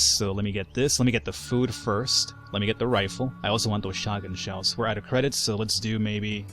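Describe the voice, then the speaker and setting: A young man hosting a let's play, chatting and joking casually as he plays, with the odd swear word. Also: mid-range voice. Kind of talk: casual gameplay commentary.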